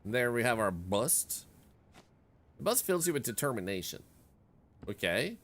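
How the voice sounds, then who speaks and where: A man's voice: medium pitch, very animated, unhurried, fairly bright tone, a little hiss or hum. A man streaming a video game in casual commentary, chatting and reading the game's text aloud as he plays. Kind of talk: casual let's-play commentary.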